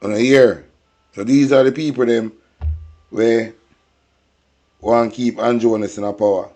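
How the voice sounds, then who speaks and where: A man's voice: mid-range voice, steady tone, unhurried, warm tone, soft background music. Fiery Jamaican man ranting. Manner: heated, profane, mixes patois slang. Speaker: political commentator host. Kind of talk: ranting commentary.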